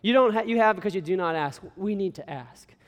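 Young guy preaching, high voice, earnest, folksy, lots of echo in a big church. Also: animated, brisk. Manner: earnest, exhorting, folksy asides. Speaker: pastor. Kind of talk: sermon. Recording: long hall reverb.

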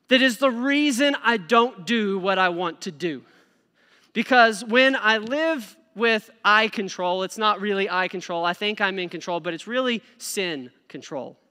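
A man preaching a sermon to a congregation, conversational and joking, with an animated delivery. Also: high-pitched, clear, resonant tone. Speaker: youth pastor preaching. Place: church sanctuary. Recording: reverberant church hall.

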